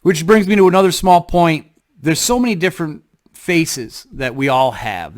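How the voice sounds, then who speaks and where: A man talking to camera in a casual vlog, reflective and halting, often restarting his sentences. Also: medium pitch. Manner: halting, thoughtful, frequent restarts. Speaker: vlogger.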